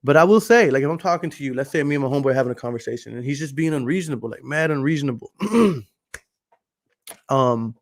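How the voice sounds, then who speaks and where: Loud, passionate man. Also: medium pitch, animated, fast talker. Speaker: podcast host. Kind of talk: casual monologue to camera. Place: in front of a green screen. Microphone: camera recording.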